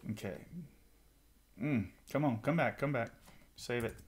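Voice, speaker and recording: A man's voice: medium pitch, heavy background noise. A man working through a vocal arrangement at his computer, thinking aloud with lots of ums and hums. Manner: halting and self-talking, many ums, hums bits of melody. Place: at a computer with notation software. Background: song recording playing.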